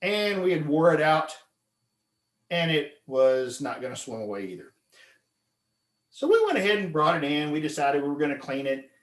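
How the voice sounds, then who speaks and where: A man telling a fishing story as a club speech, animated, acting out his friends' voices with loud high yells. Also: moderate pace, pauses often, roomy sound. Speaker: club speaker. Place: meeting room.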